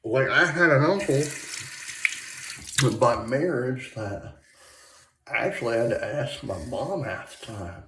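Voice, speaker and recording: A man's voice: mid-range voice, expressive, slow pace, long pauses, bright, forceful tone, slight background noise. A man from Michigan rambling in a casual chat, full of fillers and restarts. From Michigan, USA. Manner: meandering, many fillers and restarts. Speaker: shaving vlogger. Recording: echoey bathroom, faint tap water.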